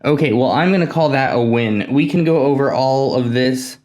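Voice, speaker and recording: A man at a middle pitch talks casually while testing electronics on his bench. He mutters to himself, nervous and easily excited. His tone stays chatty and hands-on. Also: moderate pace. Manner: nervous, excitable, self-talking while working. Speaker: tech hobbyist host. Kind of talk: casual hands-on build vlog.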